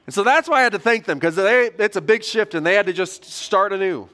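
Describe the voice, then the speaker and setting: A middle-aged male pastor preaching a sermon from a church stage, telling stories in a conversational way that swings between loud and quiet. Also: sits high, fast, few pauses. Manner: conversational storytelling with lively shifts in loudness.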